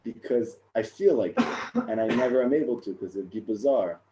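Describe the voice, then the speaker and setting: A man in his thirties, a rabbi, sharing his own story in a casual, animated talk that gets louder and higher in the funny parts. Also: fairly quick, dull audio, noisy background. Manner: animated storyteller, rising and loud in funny moments. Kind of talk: casual personal talk to a group.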